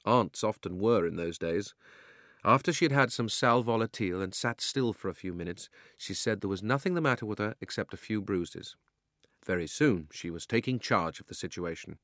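A man reads a children's novel aloud in an expressive storytelling manner. His voice sits low but moves with lively intonation. The recording is dry and close, with no room sound. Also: fairly quick, no room sound. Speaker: narrator. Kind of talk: audiobook narration.

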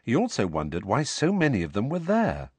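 A man narrating a fantasy novel as an audiobook reader, expressive storytelling. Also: medium pitch, fairly quick, husky, dry recording. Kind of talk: scripted narration.

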